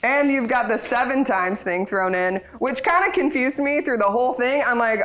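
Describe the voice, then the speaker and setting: A woman runs a group Bible study in a relaxed, chatty way. Her voice sits a little high, and she keeps the tone playful, often breaking into laughter. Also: normal speed, hardly any pauses.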